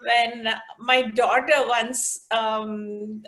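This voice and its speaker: Slow-spoken woman in a thoughtful interview. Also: on the high side, flat delivery, fairly bright tone. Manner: thoughtful, with hesitant fillers. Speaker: interview guest. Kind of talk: conversational interview with poetry reading.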